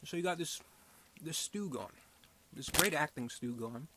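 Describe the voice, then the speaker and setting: A man's voice: on the high side, expressive, unhurried, background noise. A young man giving a casual, unscripted film review, rambling and hesitant, with many fillers and restarts.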